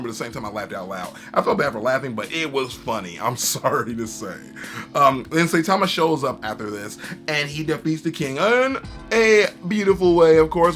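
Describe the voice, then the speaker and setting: A man's voice: fairly high pitch, fairly bright tone. A man casually and enthusiastically recapping an anime episode, jumping into character voices. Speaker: anime reviewer.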